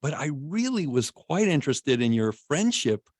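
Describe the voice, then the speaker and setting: A man's voice: a little high, sing-song, normal speed, no room sound, studio quality. A man hosting a radio show, talking casually with many restarts. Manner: rambling, warm-hearted, lots of restarts.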